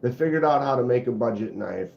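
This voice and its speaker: A man's voice: medium pitch, animated, fast, creaky. A man hosting a casual livestream and chatting in a rambling, self-deprecating way. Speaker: host of a knife channel livestream. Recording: roomy, slightly dull sound.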